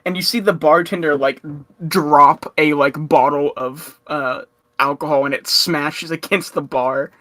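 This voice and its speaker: A man's voice: fairly high pitch, steady tone, measured pace, pushed and bright. A man narrating a tabletop game as game master, rambling with many fillers and frequent laughs.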